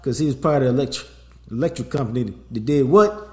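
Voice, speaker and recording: A man's voice: medium pitch, fast. A middle-aged man hosting a sports podcast, talking in a loose, streetwise way and slipping in promo plugs. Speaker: podcast host. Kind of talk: casual sports podcast chat. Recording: roomy echo.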